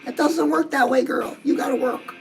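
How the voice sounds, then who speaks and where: High-voiced sassy woman giving advice. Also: fairly even intonation, moderate pace, gravelly, low-quality recording. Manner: chatty, sassy, calls listeners "girls". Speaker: dating coach. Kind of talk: direct-address advice talk. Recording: music playing behind the voice.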